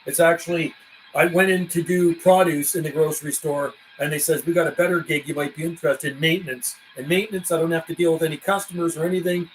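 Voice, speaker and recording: A man running a CB radio livestream, calling out call signs in a steady rhythm between casual chat. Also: on the high side, fast, low-quality recording. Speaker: CB radio operator and livestream host. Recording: radio static and hiss in the background.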